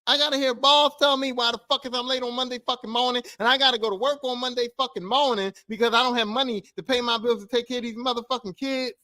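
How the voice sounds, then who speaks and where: A man hosting a podcast, delivering a profane, animated comic rant that swings from low mutters to loud outbursts. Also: dry recording, clean studio sound. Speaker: podcast host. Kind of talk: casual comedic monologue.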